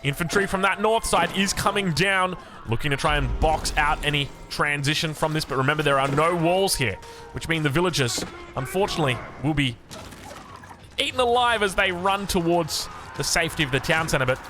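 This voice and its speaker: A man's voice: a little high, a little fast, music in the background. An Australian man casting a strategy game, chatty and self-mocking, drifting into rambling asides. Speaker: game caster. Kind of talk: casual game commentary.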